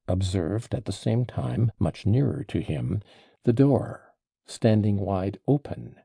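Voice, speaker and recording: Man reading cold composed prosecutor, measured, low gravelly voice, dry sound. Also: dark tone, dry recording, heavily acted. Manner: frigid, measured delivery.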